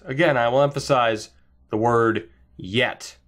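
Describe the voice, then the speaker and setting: A man's voice: medium pitch, big pitch swings, measured pace, a bit bright. A man hosting a video game series, giving sarcastic, self-mocking commentary from a room with a desk mic. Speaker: gaming channel host. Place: indoor room by a wall. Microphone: desk mic facing camera.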